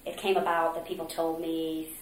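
A woman from Mexico being interviewed, earnestly recounting a story, acting out quotes with hesitant pauses. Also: low voice, completely flat delivery. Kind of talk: oral history interview. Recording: roomy echo, faint noise.

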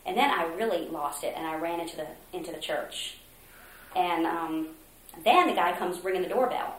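Lower-voiced woman telling a story in an echoey room. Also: normal speed. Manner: earnest storytelling, acting out quotes, hesitant fillers. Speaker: interviewee. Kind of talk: oral history interview. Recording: roomy echo, faint noise.

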